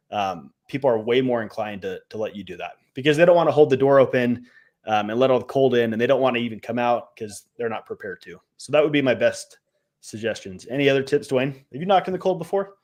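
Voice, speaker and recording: A young man talking through tips on a casual live stream. He speaks in a loose, filler-heavy way and lets his voice drop at the ends of phrases. His voice sits at a middling pitch. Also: lively intonation, fast talker, a little mellow. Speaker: co-host, real estate trainer.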